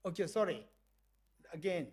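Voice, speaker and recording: A man's voice: high voice, expressive, normal speed. A man lecturing and leading a group exercise, acting out little dialogues and laughing often. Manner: playful, acts out dialogue in small voices and laughs often. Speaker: visiting professor lecturing. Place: lecture hall.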